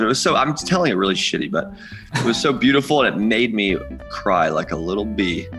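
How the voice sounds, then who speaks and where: A man's voice: mid-range voice, expressive, fairly quick, pushed and bright, faint music behind. A man guesting on a podcast, chatting casually in a rambling, laid-back way and laughing often. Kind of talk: casual chat.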